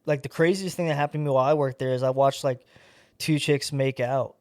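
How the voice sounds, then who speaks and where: Young man, from Georgia, medium pitch, dry sound, laid-back podcast co-host, profane, says "dude". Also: fairly even intonation, a little fast, a little mellow, no echo. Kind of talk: casual chat.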